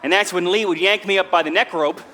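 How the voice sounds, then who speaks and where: At a quick pace and steady tone, with slight background noise, a man performs a theatre monologue as a penniless young drifter. He recounts his hardships earnestly in folksy, rustically worded speech, his voice fairly high and bright, his presence plain and sincere.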